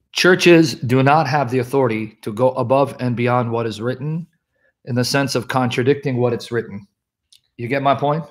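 Blunt preachy man hosting a live stream. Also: medium pitch. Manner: blunt, preachy, quotes scripture, jokes about himself. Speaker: livestream host answering chat. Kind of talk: live Q&A reading and answering chat.

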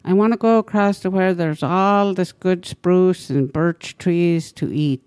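A woman's voice: fairly low pitch, measured pace, darkish tone, smooth, dry recording, pitched above the performer's own voice, natural voice. A woman voicing a weepy female porcupine in a told story, speaking in a plaintive, pleading way.

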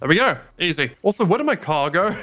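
A man's voice: high voice, very animated, fast, a bit bright, slight background noise. A young man giving sarcastic gameplay commentary and talking back to game characters. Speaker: gaming YouTuber.

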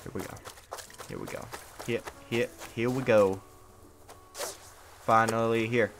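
In a noisy home stream recorded from a hot room, a tired young man offers casual gameplay commentary, grumbling with sarcastic mock indifference. His mid-range voice keeps a steady tone at a measured pace, and he pauses often.

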